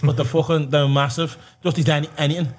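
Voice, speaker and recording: A man in his thirties whose voice sits high for a man and sounds husky. He tells blunt, sweary stories in a loose, casual chat as a podcast guest. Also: little pitch movement, quick pace. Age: 30s.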